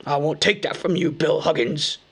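A man's voice: on the high side, normal speed, a bit bright, slightly rough, voice pushed up. A man voicing a cruel, quarrelsome male troll with coarse, slangy speech. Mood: menacing surly. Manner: coarse, slangy dialect talk.

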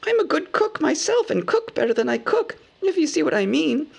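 Tiny scared hobbit, way up high, stammery and gaspy, storybook reading. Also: male voice, animated, takes it slowly, creaky, heavily acted. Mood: frightened pleading. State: terrified, gasping. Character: small frightened male hobbit, timid and stammering.

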